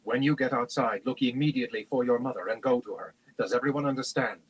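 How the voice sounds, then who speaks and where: A grave, honorable knight gives brisk instructions, as a male reader plays him. His voice stays close to the reader's own, husky and steady. He sounds practical and in charge. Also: medium pitch, close to an everyday voice, rough recording. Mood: instructing.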